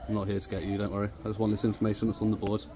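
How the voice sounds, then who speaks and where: A man filming on a handheld camera in a public office, calmly arguing and pressing questions. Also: lowish voice, racing. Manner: calm, probing, argumentative. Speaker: filming activist. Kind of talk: argumentative confrontation.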